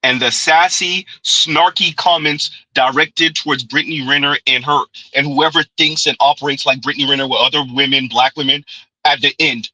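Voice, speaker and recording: Male reaction host, emphatic and repetitive, bright forceful tone with a husky edge. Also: a little high, steady tone, moderate pace, no room sound, poor audio. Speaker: commentary channel host. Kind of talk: reaction commentary on clips.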